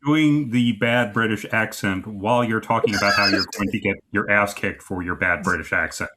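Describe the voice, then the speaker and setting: A man's voice: on the low side, brisk, very noisy. A man co-hosting a comedy podcast, recapping sketches with dry, wry banter. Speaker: podcast co-host. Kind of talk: casual comedy podcast chat.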